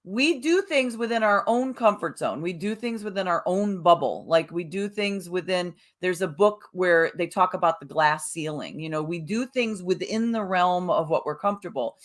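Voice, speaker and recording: A woman co-hosting a motivational podcast in a relaxed, conversational way, with fillers and restarts. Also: fairly low pitch, moderate pace, few pauses. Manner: conversational, with fillers and self-corrections. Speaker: podcast co-host. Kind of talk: casual motivational chat.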